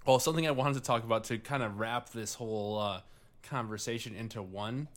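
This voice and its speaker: A man's voice: medium pitch, brisk. A Midwestern man chatting loosely on a podcast. He rambles, restarts his sentences and swears freely, with a mid-range voice. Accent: Midwestern American. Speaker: podcast co-host. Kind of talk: casual chat.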